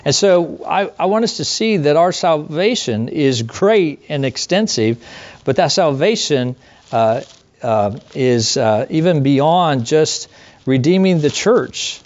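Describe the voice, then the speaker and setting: Earnest pastor preaching, slightly high voice. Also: male voice, lively intonation, takes it slowly, darkish tone, lo-fi sound. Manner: conversational, earnest preaching with rhetorical questions. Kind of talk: sermon.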